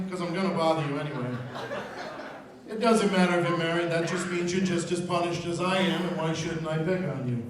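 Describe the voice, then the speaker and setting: Dry male comic teasing the crowd, a touch high, heard from a distant camera. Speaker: stand-up comedian. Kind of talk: stand-up set. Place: small pub stage. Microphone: far handheld camera. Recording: echoey pub from a far camera.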